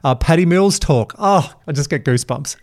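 A man's voice: fairly high pitch, animated, normal speed. A man hosting a podcast, chatting casually and telling stories with enthusiasm. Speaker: podcast host.

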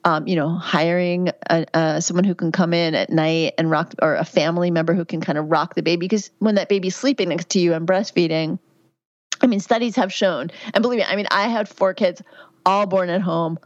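A woman's voice: lowish voice, steady tone, a little fast, no room sound, dull audio. A woman in her fifties, a midwife guest on a podcast, talking candidly and chattily about motherhood and health. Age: 50s. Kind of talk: conversational interview answers.

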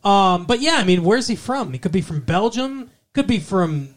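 A co-host riffs on personal ads in casual comedic podcast chat. The delivery is wry and rambling, with plenty of asides. The voice sits mid-pitch but moves around a lot. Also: lively intonation, moderate pace.

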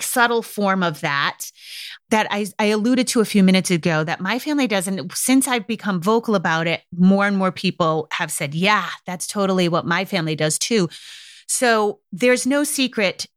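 A middle-aged woman hosting a podcast, talking frankly in a candid monologue and acting out quoted lines with sudden jumps in pitch. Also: no echo, clean studio sound. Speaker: podcast host.

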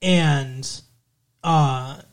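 A podcast co-host casually recaps a movie plot, rambling, swearing freely and leaning heavily on fillers. His mid-range voice is extremely slow.

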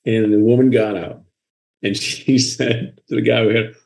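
A man's voice: medium pitch, vocal fry. A man with a Boston accent, an author talking frankly and with animation in a casual interview. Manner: frank and animated, quick asides and laughter.

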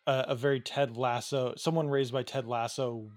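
A man's voice: mid-range voice, level tone, normal speed, no room sound, studio quality. A man from the United States co-hosting a podcast, chatting playfully about a TV show and laughing easily. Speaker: podcast co-host. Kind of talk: casual chat.

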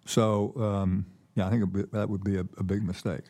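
An older man, a keynote guest, telling stories in a relaxed conversational way, often repeating words and pausing with fillers. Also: on the low side. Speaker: keynote guest, former ambassador. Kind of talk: conversational storytelling. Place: conference stage with audience.

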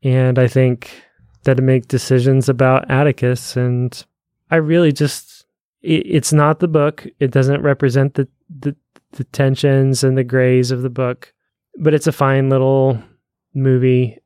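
A man with a middle-pitched, smooth, clear voice talks through his views in an easygoing way, with pauses and restarts. The recording is dry and close. It sounds like a laid-back podcast chat. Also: flat delivery, mellow, dry recording. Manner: easygoing, hesitant, rambling. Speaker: podcast co-host. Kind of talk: casual film discussion.

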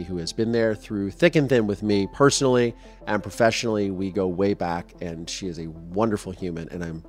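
A man with a fairly low voice hosts his own podcast in a loose, casual monologue. He rambles with plenty of fillers and sounds openly emotional. Faint music plays underneath. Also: a little mellow. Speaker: podcast host.

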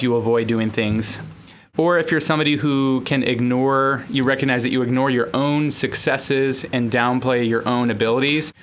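American guy cohosting a podcast, jokey and self-mocking, laughs a lot, medium pitch. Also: fairly bright tone, slight background noise. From United States. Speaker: podcast host, counselor. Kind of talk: casual podcast chat.

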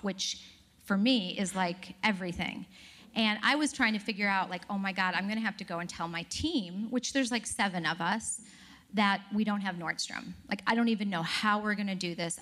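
With a mid-range voice, a woman performs for a live audience from a stage, laughing while she spins lively stories for the crowd.

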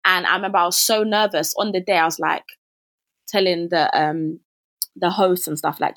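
A woman's voice: on the low side, fairly even intonation, normal speed, a bit bright. A young woman, a podcast guest talking casually and full of fillers, acting out her own past remarks as she tells her story. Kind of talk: casual interview chat.

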